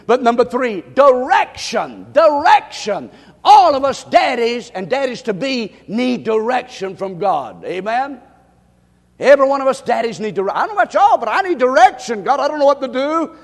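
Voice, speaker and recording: Pastor guy preaching, repeats himself, big echo in the church. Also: very high voice. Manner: preaching with repetition, swinging from shouts to hushed tones. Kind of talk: sermon. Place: church sanctuary. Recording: long hall reverb.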